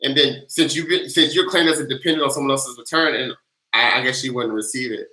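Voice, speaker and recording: A man hosting a casual livestream Q&A, reading viewer questions and answering with energetic, playful hype. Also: medium pitch, fairly quick, roomy sound, low-quality recording. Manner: energetic, hyped chant leader, loud and playful. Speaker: livestream tax advice host.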